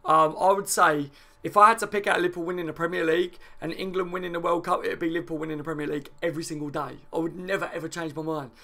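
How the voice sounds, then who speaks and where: A man hosting a football fan channel, chatting fast and excitedly and answering viewer comments with frequent laughs. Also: fairly high pitch, vocal fry. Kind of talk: live fan chat reacting to viewer comments.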